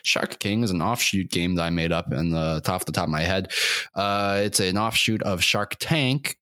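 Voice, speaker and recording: A man's voice: sits low, moderate pace, dry recording, studio quality. A man in his twenties hosting a solo comedy podcast, rambling erratically and mocking himself, with a throat sore from screaming. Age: 20s. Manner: erratic, self-mocking, swings into shouting and silly sing-song bits. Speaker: podcast host.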